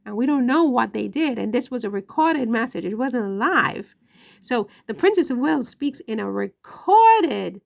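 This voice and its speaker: Woman doing casual commentary, a bit of vocal fry, pushy and questioning. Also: medium pitch. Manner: repeats "right?" often, emphatic and questioning.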